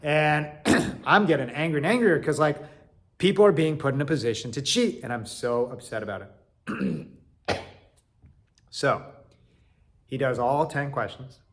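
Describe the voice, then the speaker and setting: A man telling a personal story in an animated way, swinging from loud to quiet. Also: fairly high pitch, unhurried, pauses often.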